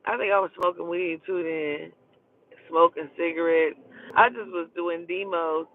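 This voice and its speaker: A man from Oklahoma telling animated, profane stories in a casual way, often calling the listener "child". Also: sits high, no echo. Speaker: storyteller. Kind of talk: casual storytelling. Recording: dry tinny phone-like sound.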